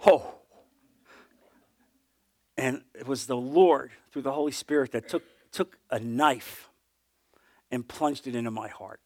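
A man's voice: fairly even intonation, moderate pace, dry recording. A middle-aged man teaching a Bible class, telling a personal testimony in an earnest, conversational way. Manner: earnest storytelling, voice dropping low and soft at emotional points.

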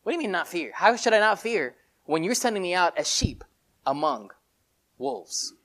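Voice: mid-range voice, very animated, normal speed, fairly bright tone. A preacher acting out an anxious disciple who questions being sent among wolves. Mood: incredulous. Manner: incredulous questioning.

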